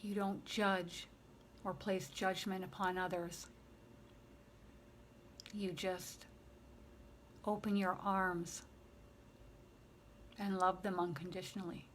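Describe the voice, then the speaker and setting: Woman medium, unhurried and tender, relaying spirit messages. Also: on the low side, flat delivery, a little hiss or hum. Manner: slow, gentle and emotional, relaying messages. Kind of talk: channeling session.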